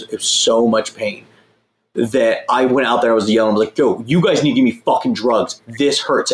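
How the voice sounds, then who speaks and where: Young guy, casual profane storyteller, mid pitch, echoey room. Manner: profane, rambling, self-mocking. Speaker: guest telling a story.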